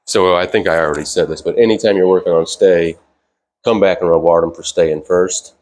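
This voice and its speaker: Speaking briskly in a very low voice, a man walks through dog training indoors with a dog, relaxed and rambling with plenty of "you know" and "like". When he gives the dog commands, they come out short, sharper, higher and a bit louder than his casual instructions.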